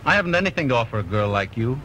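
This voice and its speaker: A man's voice: mid-range voice, big pitch swings, racing, a bit bright, low-quality recording. Shy, stubborn working guy, keeps saying no, old movie hiss. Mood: reluctant. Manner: hesitant, self-deprecating. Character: humble young working man, proud and reluctant. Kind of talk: 1930s film acting. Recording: old film soundtrack with faint hiss.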